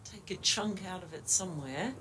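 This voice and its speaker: A woman's voice: lowish voice, normal speed, slight background noise, poor audio. A young woman giving friendly, conversational live cricket commentary. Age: young adult. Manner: friendly, conversational, warmly appreciative.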